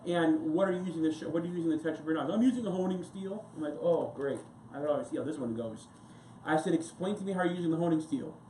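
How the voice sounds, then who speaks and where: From the pulpit of a church sanctuary, a somewhat high-voiced American man delivers a rapid-fire sermon with few pauses. He rambles conversationally through anecdotes and side remarks, and the echoing room holds a faint hum of ambience.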